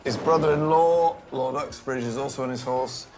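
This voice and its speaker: A drunk man telling a history story in a rambling, deadpan way. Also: medium pitch, normal speed, soft background music. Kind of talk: drunken comic retelling of history.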